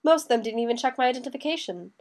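A woman voicing a sharp-tongued, fiercely loyal young man who talks quick and defensive. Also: fairly high pitch, lively intonation, pitched above the performer's own voice, natural voice. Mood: brash.

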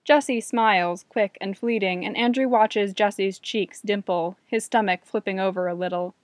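A woman narrating a story in an even, measured reading voice. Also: medium pitch, no room sound, studio quality. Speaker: reader.

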